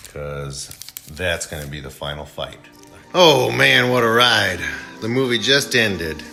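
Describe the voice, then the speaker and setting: A man casually recapping a film play by play, animated, slipping into mock voices for the characters. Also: on the low side. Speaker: movie reviewer.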